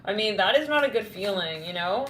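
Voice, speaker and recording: A woman's voice: medium pitch, expressive, brisk, a bit bright, reverberant. A woman giving a casual tarot reading, rambling and blunt with lots of fillers. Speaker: tarot reader.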